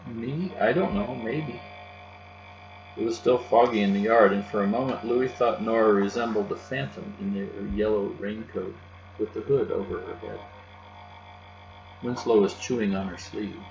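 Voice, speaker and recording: A man reading a children's novel aloud in a steady, gentle narration. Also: lowish voice, moderate pace, creaky. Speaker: audiobook narrator. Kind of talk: children's book read aloud. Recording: dull lo-fi with faint music and hum.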